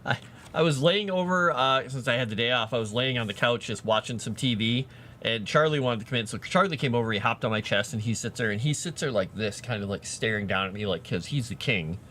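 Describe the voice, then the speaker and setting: A man talks casually to his live chat as he writes fantasy lore. His voice sits mid-range but swings up and down with animated energy, and he laughs often as he reacts to viewers. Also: medium pitch, fairly quick, a little hiss or hum. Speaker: streamer writing fantasy lore.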